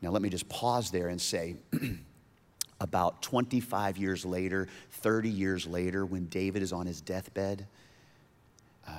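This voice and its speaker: A male pastor preaching a sermon, animated and emphatic, often restarting his words. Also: deep voice, unhurried.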